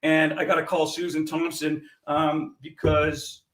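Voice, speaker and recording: Hoarse guy hosting a live show, gruff, raspy, roomy echo. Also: fairly high pitch, monotone, measured pace, a bit bright, recorded from a distance. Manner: gruff, exasperated banter. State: hoarse from laryngitis. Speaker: comedian host. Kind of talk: casual live show chat. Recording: roomy sound, off the mic.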